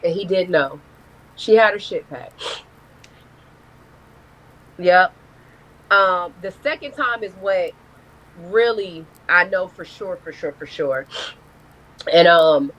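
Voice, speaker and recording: Profane, animated woman telling a story. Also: lowish voice, dull audio. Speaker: guest. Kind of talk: casual live-stream interview.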